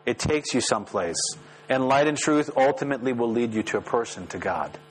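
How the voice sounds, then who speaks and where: A man's voice: medium pitch, fairly quick, poor audio. Male pastor preaching over faint hum. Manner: animated, rises sharply when voicing prayers. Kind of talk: sermon.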